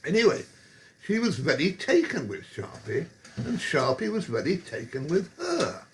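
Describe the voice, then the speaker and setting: A man's voice: on the high side, huge pitch swings, moderate pace, a little hiss or hum. A man telling rambling, wry pub anecdotes with chuckles and digressions. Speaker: storyteller.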